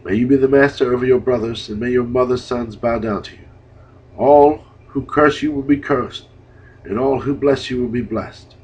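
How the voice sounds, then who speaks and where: A man's voice: medium pitch, fairly even intonation, normal speed, darkish tone, slightly rough, natural voice. A man reading an aged patriarch, solemn. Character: aged male patriarch blessing his sons. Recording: dull lo-fi recording.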